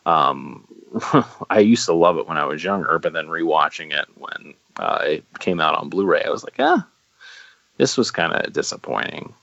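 A man's voice: extremely low pitch, normal speed, gravelly, fairly bright tone, no room sound, dull audio. A man co-hosting a podcast in a casual chat, rambling with frequent ums and likes. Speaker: podcast co-host.

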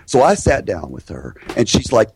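A middle-aged man, a hypnosis trainer and guest, telling stories in an animated way and acting out the voices of the people in them. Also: on the low side, moderate pace, slight background noise. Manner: lively, acts out the voices of people in his stories. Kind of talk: animated storytelling in a podcast interview.

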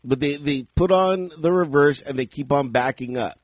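A man co-hosting a podcast, telling a story in a casual, animated way, laughing often and shouting out the lines he quotes. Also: fairly high pitch, normal speed, no room sound. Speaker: podcast co-host.

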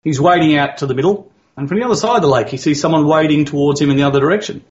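A man's voice: a little high, racing, dull audio. A man, a podcast guest telling a story with easygoing dry humour. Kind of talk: casual podcast interview, joke telling.

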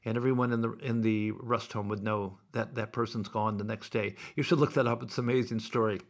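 Gravelly guy in his 60s rambling on his podcast, keeps going off on tangents. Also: lowish voice, steady tone, a little fast. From Iowa, USA. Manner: digressive, wry asides. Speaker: podcast host. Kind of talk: casual rambling monologue.

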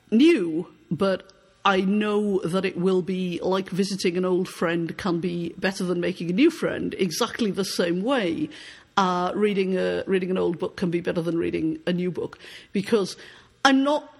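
A woman author who reads aloud from her own novel and then answers questions thoughtfully, often repeating words as she starts a sentence. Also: fairly low pitch. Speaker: author being interviewed.

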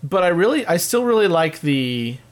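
A man's voice: fairly high pitch, sing-song, moderate pace, slight background noise. A man co-hosting a casual podcast chat about an old film, laughing often and restarting his sentences. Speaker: podcast co-host reviewing a film.

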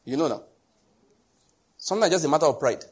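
Husky Nigerian preacher. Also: male voice, a little high, fairly quick. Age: middle-aged. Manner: animated storytelling, acting out dialogue. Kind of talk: sermon.

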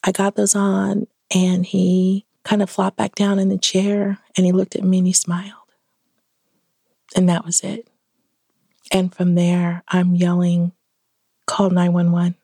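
A woman's voice: fairly low pitch, measured pace, gravelly, husky, no echo, clean studio sound. A middle-aged woman, a podcast guest, telling a personal story in an interview and acting out the dialogue in it. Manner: animated, acts out quoted dialogue.

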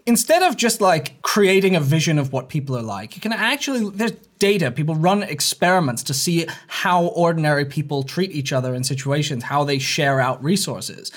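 Author guest, male, hybrid British-American accent, higher-set voice, argues animatedly with a laugh. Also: normal speed, few pauses. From England. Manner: animated, argumentative, laughs often. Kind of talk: casual interview chat.

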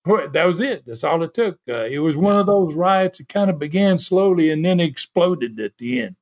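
A man's voice: fairly high pitch, animated, moderate pace, darkish tone. A man as an interview guest, telling a story in a casual, chatty way and laughing often. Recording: dull lo-fi sound.

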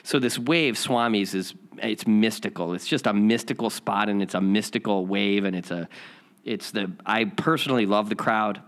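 A man with a fairly low voice talks casually, rambling and circling back as he tells a personal story. He restarts sentences often and repeats words. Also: moderate pace, fairly bright tone. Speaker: spiritual lesson host.

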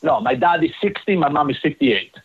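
A man, a guest telling a story in an interview. He talks in an animated way, swears and often restarts his sentences. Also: a little high, a little fast, vocal fry, slightly rough, narrow, tinny audio. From Italy.

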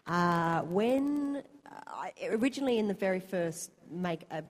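A woman's voice: lowish voice, a little slow. Laughing woman on a reverberant panel stage. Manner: chatty, laughs often, animated storytelling. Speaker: convention panel guest actor. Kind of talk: convention panel Q&A answers. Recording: long hall reverb.

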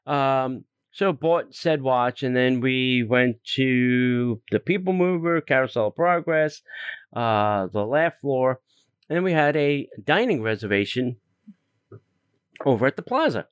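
A man hosts a podcast in relaxed conversation. He tells the story with animated, exasperated asides and plenty of fillers. His voice is smooth and resonant, and the sound is dry and close. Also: mid-range voice, unhurried, dry recording. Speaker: podcast host. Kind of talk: casual chat.

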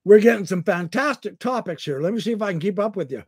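A man's voice: high voice, animated, fast talker, darkish tone, breathy edge, no echo, clean studio sound. A man hosting a live podcast. He is eating while he talks and jokes at his own expense as he reads viewer topic requests. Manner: jokey, self-mocking, talks with his mouth full. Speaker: podcast host.

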